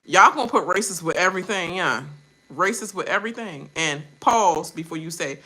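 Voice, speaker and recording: A woman rants casually to her viewers, her bright voice swinging widely in pitch. She laughs often and slips into mocking quoted voices as she talks. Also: moderate pace. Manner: animated, laughing, mimics others in quoted voices. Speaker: reaction channel host. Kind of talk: casual ranting commentary.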